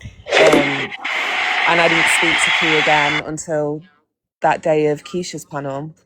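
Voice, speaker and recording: A young woman with a British accent and a low-pitched voice talks casually on a live stream. She is blunt and candid, and she swears freely as she goes. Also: level tone, unhurried, very noisy. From Britain. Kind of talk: casual chat.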